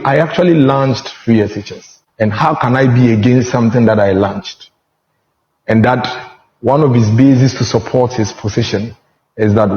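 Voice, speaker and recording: Ghanaian male panel guest, deliberate and measured, roomy and dull studio sound. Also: medium pitch. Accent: Ghanaian English. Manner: deliberate, argues point by point. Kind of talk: measured political discussion. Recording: roomy, muffled TV studio audio.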